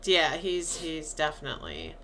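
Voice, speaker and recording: A woman's voice: low voice, sing-song, normal speed, background noise. A woman co-hosting a podcast, chatting casually and animatedly as she retells a film scene by scene. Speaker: podcast co-host. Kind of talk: casual chat recapping a film.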